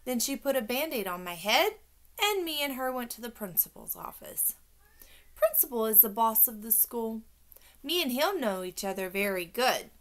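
A woman's voice: fairly high pitch, big pitch swings, normal speed, fairly bright tone. A woman narrating a children's audiobook in a playful, childlike first-person voice.

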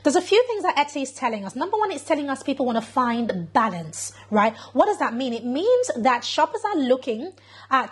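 A British woman from the UK, an online business coach chatting animatedly through a screen-share tutorial and often checking in with "right?". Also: sits high.

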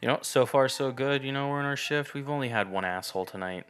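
A man's voice: mid-range voice, fast talker, fairly bright tone, soft background music. A young man giving loose, profane, sarcastic let's play commentary while he plays a game. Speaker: gamer.

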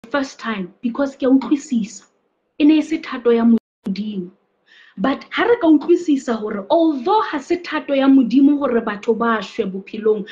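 A high-voiced South African woman speaks in an earnest storytelling way, switching between English and Sesotho and often dropping to a soft, subdued tone. The sound is dull and lo-fi. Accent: South African, mixing English and Sesotho. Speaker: faith speaker. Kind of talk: personal testimony and preaching.

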